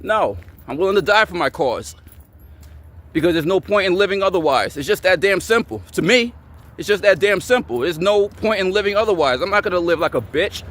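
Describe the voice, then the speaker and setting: A man's voice: high voice, lively intonation, a little fast, a bit bright. Angry man ranting at his camera. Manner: angry, repetitive and profane. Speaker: channel host.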